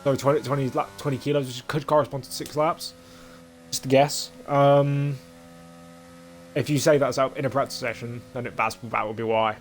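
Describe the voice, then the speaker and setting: A man's voice: mid-range voice, steady tone, moderate pace, slight background noise. Rambling young sim racing commentator, a man. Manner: rambling, cheeky, full of filler ums and crude jokes. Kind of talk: casual live-stream race commentary.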